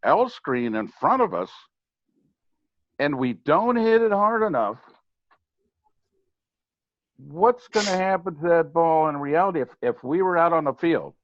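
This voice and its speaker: A man's voice: on the high side, animated, measured pace, pauses often, dry recording. Older male guest, emphatic and matter-of-fact, dry slightly muffled recording. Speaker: guest, former ballplayer and hitting coach. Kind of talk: casual podcast conversation. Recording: slightly dull, lo-fi sound.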